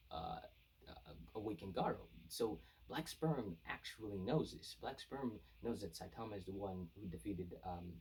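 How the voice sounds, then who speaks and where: A man's voice: on the low side, a little mellow, breathy edge. A man giving a casual, rambling manga chapter review, full of fillers and restarts. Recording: voice distant from the mic.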